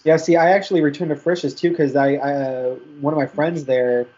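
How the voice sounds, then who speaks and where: A man's voice: fairly high pitch, fairly even intonation, a little fast, darkish tone. A young man co-hosting a podcast in casual chat, telling laid-back stories with frequent laughs and casual swearing. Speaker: podcast co-host. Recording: dull lo-fi podcast audio.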